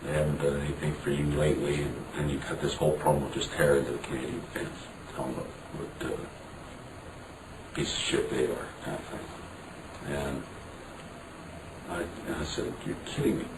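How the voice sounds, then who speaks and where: A man with an extremely low voice tells a story in a frank, profane way, acting out the dialogue of others. He sits well back from the mic in a roomy, echoing space with steady background noise behind him. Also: moderate pace, recorded from a distance. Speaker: interview guest. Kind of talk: candid storytelling interview.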